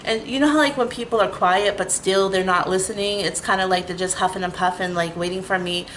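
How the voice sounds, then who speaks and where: Brief: woman, storytime vlogger, animated and profane, filler-heavy. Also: mid-range voice, fairly quick, slight background noise, poor audio. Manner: animated, heavy 'like' fillers, swears freely. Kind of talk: casual storytime rant.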